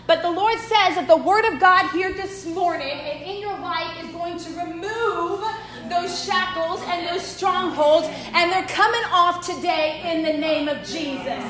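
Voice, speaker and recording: A women's ministry speaker preaches and prays fervently to a women's gathering, her voice extremely high and her pace measured. She laughs easily and sometimes drops into hushed prayer. It was recorded on a handheld phone in an echoey church room.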